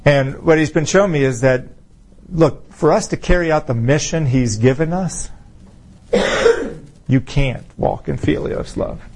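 A man preaching an informal sermon to his fellowship, conversational, full of rhetorical questions, slowing down for emphasis. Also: fairly high pitch, darkish tone, slight background noise. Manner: conversational, rhetorical questions, swings between slow emphasis and quick asides.

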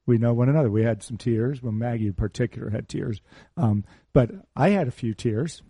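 A man's voice: mid-range voice, a little fast, mellow, husky, no echo, studio quality. A middle-aged man preaching a sermon in a conversational, teasing way, repeating his key phrases. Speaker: pastor.

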